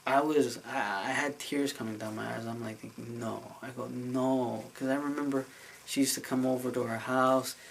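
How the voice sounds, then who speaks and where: A man recounts a dream for his vlog in a loose, earnest way, circling back with fillers and restarts. His mid-pitched voice carries a gravelly edge. A faint hiss sits under the recording. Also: fairly even intonation, a little fast, rough recording. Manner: rambling, many fillers and restarts; earnest and emotional. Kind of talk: casual storytelling vlog.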